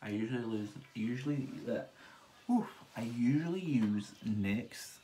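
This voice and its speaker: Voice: mid-range voice, animated, a little slow, background noise. Chatty, dramatic beauty vlogger. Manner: chatty, theatrical exclamations. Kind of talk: casual makeup tutorial.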